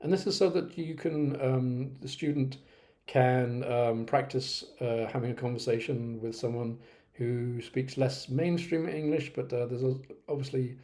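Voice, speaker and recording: A man presenting a software tutorial to teachers, talking casually with frequent hesitations. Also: mid-range voice, a little slow. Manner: relaxed, hesitant, many ums. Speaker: teacher-trainer presenting a platform. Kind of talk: casual screen-recorded tutorial.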